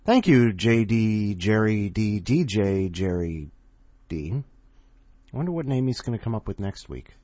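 Podcast host, man, husky, rambling and self-deprecating, lo-fi sound. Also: fairly low pitch, expressive, unhurried, mellow, no echo. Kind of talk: casual podcast hosting.

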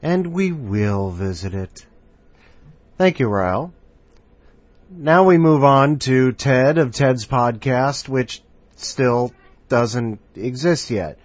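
A man's voice: mid-range voice, slow pace. A man hosting a casual podcast, introducing contributors in a rambling, playful, self-mocking way. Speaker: podcast host. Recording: dry, slightly muffled home recording.

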